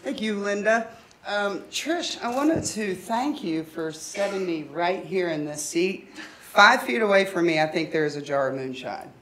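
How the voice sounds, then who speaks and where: A woman's voice: medium pitch, measured pace, noisy background. A woman giving a conference presentation, telling a story in a humorous, anecdotal way. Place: conference room.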